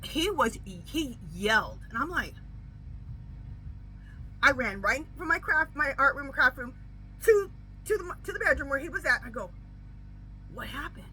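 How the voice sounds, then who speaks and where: Animated woman tarot reader, lively pitch. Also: moderate pace, long pauses, a little hiss or hum, low-quality recording. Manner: animated storytelling, repeats "okay?". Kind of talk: casual chat.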